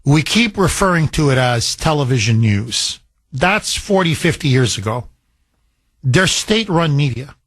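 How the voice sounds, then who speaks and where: A man's voice: on the high side, sing-song, measured pace, fairly bright tone, no echo. A man hosting a call-in talk radio show, speaking in an emphatic, combative style and hammering his points through repetition.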